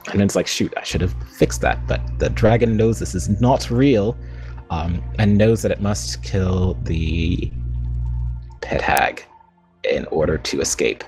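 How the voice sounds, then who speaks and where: A man's voice: lowish voice, a little mellow. A man playing a tabletop role-playing game, eagerly and ramblingly explaining what his character plans. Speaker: player.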